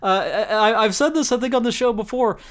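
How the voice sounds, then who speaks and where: A man with a slightly raised voice hosts a solo podcast and reads his own tweets aloud. His delivery is animated and jokey, jumps into loud mock outrage, and is sprinkled with casual swearing. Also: sits high, a little fast. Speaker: podcast host.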